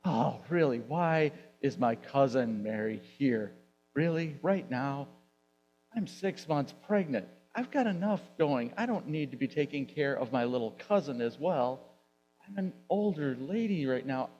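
A male preacher voicing an older pregnant woman in a sermon, speaking higher and with heavy emphasis. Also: animated, unhurried, a little mellow, long reverb tail, dull audio, faint music behind. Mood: exasperated.

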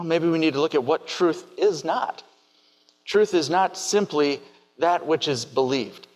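A man preaching a sermon in a measured, reflective way, asking many rhetorical questions. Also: a little high, rough recording. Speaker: pastor.

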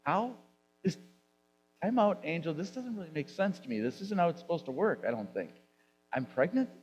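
A male preacher voicing a bewildered young woman in a sermon, asking halting, incredulous questions. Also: fairly high pitch, sing-song, a little mellow, a little hiss or hum, voice pushed up, poor audio.

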